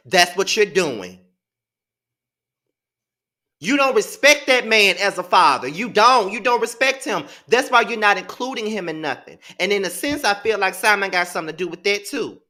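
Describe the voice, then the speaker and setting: A man's voice: sits high, lively intonation, moderate pace, pushed and bright. A man hosting a live TV episode review, talking emphatically and repeating himself in exasperation. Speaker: host.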